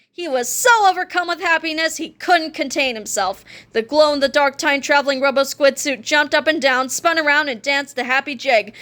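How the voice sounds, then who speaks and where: A woman reading a children's chapter book aloud, with expressive, animated storytelling. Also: sits high, fairly quick, few pauses. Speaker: read-aloud narrator.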